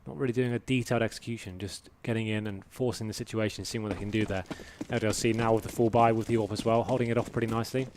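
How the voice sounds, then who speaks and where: A man's voice: on the low side, racing, hardly any pauses, slight background noise. Man calling an esports match. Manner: builds to excited shouts during fights. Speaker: esports commentator. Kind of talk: live match commentary.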